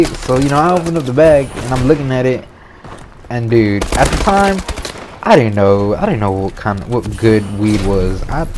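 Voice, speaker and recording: A man's voice: lowish voice, background noise. A man in his twenties hosting a gaming channel, telling a story casually over gameplay in a laid-back, slangy way and swearing freely.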